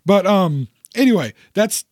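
A man's voice: high voice, sing-song, measured pace, a little mellow, dry recording, studio quality. A middle-aged man chatting casually about movies, rambling with many restarts. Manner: rambling, restarts a lot, puts on quoted voices.

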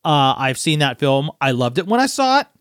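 A man's voice: fairly high pitch, very animated, moderate pace, fairly bright tone, smooth, no room sound, studio quality. A man chatting casually about movies, laid-back with short agreeing replies.

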